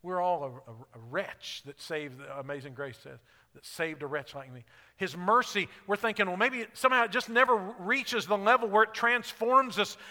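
A man delivering a sermon as pastor, his voice high and bright. He builds to emphatic, ringing lines, then falls back to soft, conversational asides. The sound carries a long hall reverb. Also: moderate pace. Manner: swells to emphatic peaks, then drops to quiet asides.

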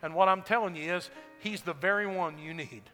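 A man pastor preaching a sermon to a congregation, building to loud shouted lines and then dropping his voice. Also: high voice, brisk, soft background music. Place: church sanctuary. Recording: echoey hall.

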